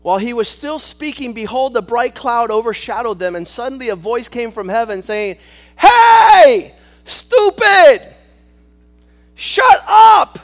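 A man preaching a sermon, swinging between shouted lines and hushed asides, calling on the congregation for amen. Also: extremely high pitch, a little fast, hardly any pauses. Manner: rhetorical, calls for amen.

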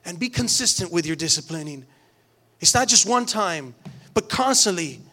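A middle-aged pastor with a notably high voice delivers a sermon. He speaks earnestly, repeating words as he builds toward emphatic points. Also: animated, moderate pace, bright, forceful tone. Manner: earnest, repetitive restarts, rising emphatic preaching.

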